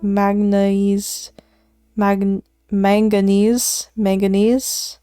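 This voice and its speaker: Slow and full of long pauses, a woman's mellow mid-range voice drifts through casual study stream chatter with no echo. She keeps muttering element names, often at a whisper, and laughs at her own slips in a self-deprecating way.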